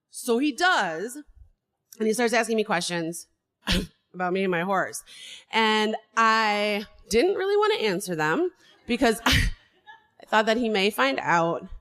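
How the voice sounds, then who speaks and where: A woman telling a true personal story to an audience, animated, laughing and swearing as she goes. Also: mid-range voice.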